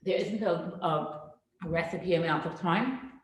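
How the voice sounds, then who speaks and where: A middle-aged woman teaching a parenting class in a classroom, lively and acting out children's voices. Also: fairly low pitch, slow, slight background noise. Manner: animated, acts out children's voices. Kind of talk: classroom lecture. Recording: very echoey room.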